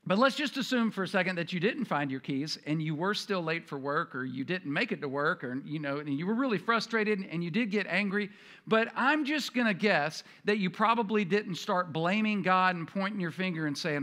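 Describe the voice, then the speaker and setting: A man's voice: sits high, lively intonation, fairly quick, sharp tone. A male pastor preaching a sermon in a conversational way, acting out prayers in quoted voices.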